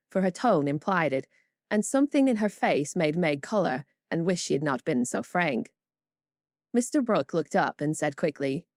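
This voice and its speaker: Female audiobook narrator, low, measured, dry close sound. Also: expressive, no room sound. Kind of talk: scripted narration.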